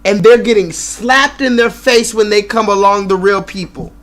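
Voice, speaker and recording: A man's voice: high-pitched, moderate pace, fairly bright tone. A man hosting a live stream, ranting and swearing in loose commentary, repeating himself and laughing often.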